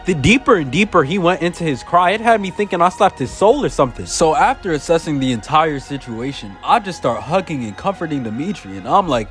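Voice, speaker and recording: A young adult man narrating a funny childhood story in a casual, slangy, animated storytime style. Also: a little fast, hardly any pauses, soft background music. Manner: casual, animated, slangy delivery with big pitch swings. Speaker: storyteller, channel host.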